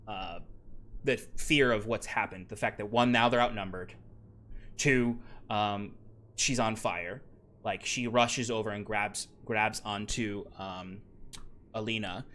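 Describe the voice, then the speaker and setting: A man running a tabletop game as game master, talking in an easygoing, halting way with many fillers and restarts. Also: lowish voice, sharp tone.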